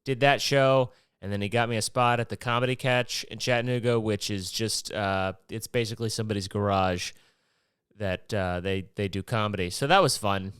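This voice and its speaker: A man's voice: fairly low pitch, moderate pace, fairly bright tone, clean tone, dry recording, studio quality. A man from Maryland hosting a casual solo podcast, rambling and profane and jumping between topics. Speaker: podcast host.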